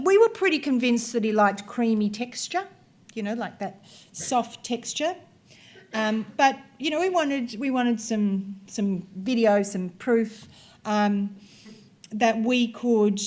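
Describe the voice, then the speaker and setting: A woman's voice: fairly high pitch, a little mellow. A woman researcher giving a conversational workshop presentation, talking the audience through video examples. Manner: conversational, explanatory, talks through clips.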